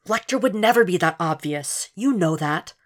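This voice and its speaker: A woman's voice: lowish voice, expressive, normal speed. Insistent, knowing inner voice of a man, read by a woman. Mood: warning. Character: nagging male inner voice, warning, knowing.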